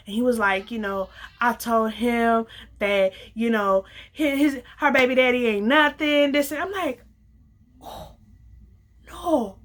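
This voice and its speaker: A young adult woman casually telling a personal story, acting out the dialogue with lively slang. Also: sits high. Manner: animated, acts out quoted dialogue, casual slang.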